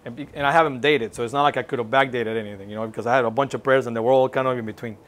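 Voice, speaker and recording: Man, church testimony, storytelling, mid-pitched voice, earnest. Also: steady tone, very fast, fairly bright tone. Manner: storytelling, reenacting the dialogue; earnest, exhorting. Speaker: church speaker giving a testimony. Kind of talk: personal testimony at a church service.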